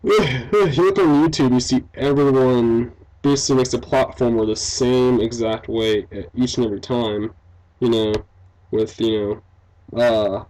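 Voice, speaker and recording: On a rough recording, a young man with a medium-pitched, darkish voice comments casually on the game he's developing. As a let's-play commentator, he rambles, uses lots of "um", "like" and "you know", laughs frequently and is self-deprecating.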